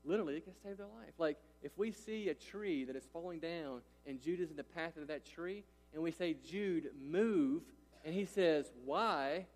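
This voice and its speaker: A man in his thirties delivers a sermon in a slightly high voice. He is emphatic and keeps checking that listeners follow him. The sound rings with long reverb from a large hall. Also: brisk, few pauses, a little mellow. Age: 30s. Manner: emphatic, repeats "right?" and "listen" to engage listeners. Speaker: pastor.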